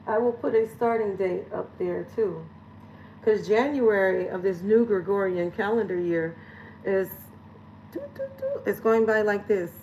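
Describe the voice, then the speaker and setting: A woman's voice: medium pitch, moderate pace, mellow, lo-fi sound, slight background noise. A woman lifestyle coach talking frankly and chattily straight to her viewers in a casual vlog, swearing now and then. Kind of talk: candid direct-to-camera vlog talk.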